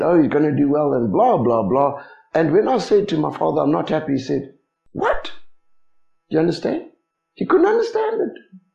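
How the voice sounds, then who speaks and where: A man preaches a sermon, his voice rising and falling in a lively, animated swing. His tone is gravelly and fairly high. The sound is echoey and dull, like a lo-fi recording in a church hall. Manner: animated, rhetorical questions to the congregation.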